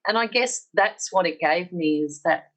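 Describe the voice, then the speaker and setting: The audio is poor as a middle-aged woman from Australia, appearing as a podcast guest, sincerely recounts her personal experiences and performs the quoted dialogue. Her voice is lowish, a bit bright, and she takes her time.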